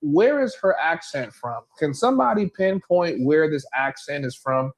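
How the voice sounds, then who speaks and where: A man's voice: a little high, animated, normal speed. A man hosting a reaction video, commenting in a laid-back, mocking way between clips. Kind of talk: casual commentary.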